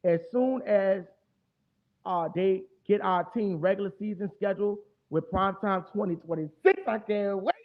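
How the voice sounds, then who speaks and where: A man hosting a casual fan stream, talking fast and loose with a lot of profane, animated trash talk. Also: sits high. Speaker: fan show host. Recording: tinny phone-like audio.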